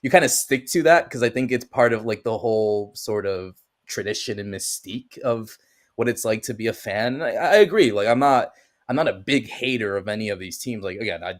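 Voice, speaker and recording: Rambling young man with a lowish voice. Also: animated, a little fast. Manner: rambling, heavy use of "like" and restarts. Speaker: podcast guest. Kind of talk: casual chat.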